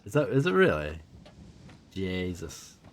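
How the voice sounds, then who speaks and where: A man's voice: low-pitched, sing-song, unhurried. A man chatting casually with viewers while streaming a game, rambling and self-deprecating. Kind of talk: casual live gameplay chat.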